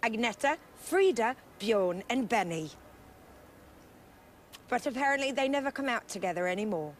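A woman's voice: on the high side, expressive, normal speed, a little hiss or hum, lightly acted. A woman playing a clueless, chirpy, self-important Eurovision spokesperson in a comic mock travel report. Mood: bumbling. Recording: music playing underneath.

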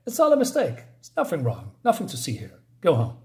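A man voicing a scheming male grand vizier in a comic recap, dismissing worries with smooth reassurance. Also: fairly high pitch, huge pitch swings, a little fast. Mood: dismissive.

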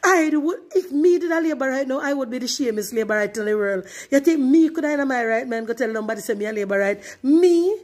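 A Jamaican woman with a fairly high voice and a broad patois accent. She rants in a defiant, emphatic way and mocks the people she is talking about. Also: fast, hardly any pauses, a little mellow. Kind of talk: casual ranting.

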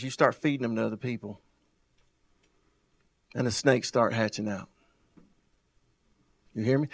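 A male pastor, preaching a sermon full of rhetorical questions and repeated phrases, swinging between loud and soft and drawing out words for emphasis. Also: on the high side, vocal fry. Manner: wide swings in loudness and pace, drawn-out emphasis.

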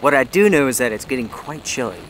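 Here a fast-talking vlogger from North Carolina, mid-range in pitch, addresses viewers directly in a laid-back, chatty way while camped in wet woods. He gets winded now and then. Poor audio from the outdoor mic is backed by constant rain hitting his tarp.

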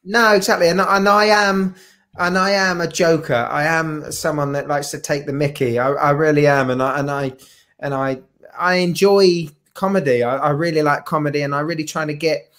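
A man's voice: a little high, fairly even intonation, normal speed, fairly bright tone. A man on a live video call, chatting casually in a jokey, rambling way with lots of restarts and fillers. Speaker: guest watch collector. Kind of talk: casual live-stream chat.

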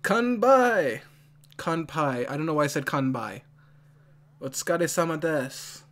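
This anime reaction host is excitable, speaking a little fast at a medium pitch, frequently laughing and answering back to what's on screen in casual commentary.

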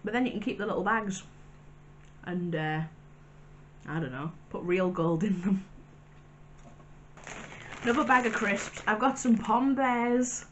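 A woman's voice: medium pitch, a little slow, long pauses, slight background noise. Chatty woman reviewing snacks. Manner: chatty and wry, with asides. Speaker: vlogger. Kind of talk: casual snack review vlog.

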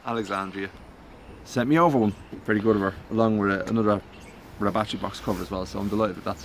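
Talking fast in a lowish, fairly even voice, this North County Dublin man walks through a car repair how-to outside a house in the cold. The rough recording carries slight background noise, and he's a chatty, rambling, self-deprecating classic car hobbyist who drifts onto sidetracks.

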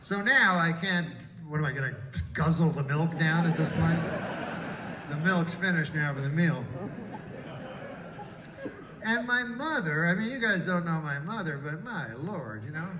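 A man in his fifties or sixties doing a live stand-up set in a casino, deadpan and halting, rambling with restarts. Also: on the high side, background noise. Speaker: stand-up comedian. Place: casino stage before a live audience. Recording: echoey room, distant, dull audience recording.

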